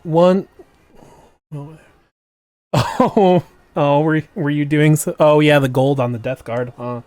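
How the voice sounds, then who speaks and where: A man's voice: a little high, steady tone, slow, a little mellow, no echo. Chatty, jokey man on a dry mic. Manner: chatty and jokey, trails off and restarts. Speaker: streamer. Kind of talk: casual chat with stream viewers. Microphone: desk microphone.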